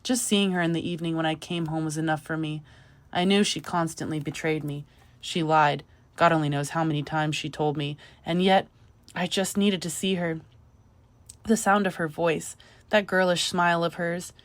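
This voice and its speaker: A woman's voice: on the low side, fairly even intonation, normal speed, natural voice. A woman reading the part of a feverish, grieving widower who broods and sinks to a near whisper. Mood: tender. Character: feverish grieving middle-aged man, obsessive widower.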